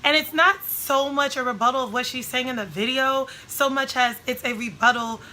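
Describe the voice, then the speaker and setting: A woman vlogging casually to camera, frank and emphatic with rambling asides, her voice slightly hoarse and a little short of breath. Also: sits high, normal speed, pushed and bright, low-quality recording.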